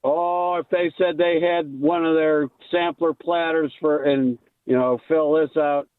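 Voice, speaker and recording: A male caller rings in to a radio show and rambles in halting bits. His voice sits high and comes through a tinny phone line. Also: steady tone, clean tone, dry recording.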